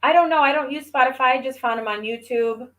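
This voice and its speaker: Animated woman sharing her stories. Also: sits high, fast talker. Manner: animated, acts out quoted voices while telling stories. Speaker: guest. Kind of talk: casual chat.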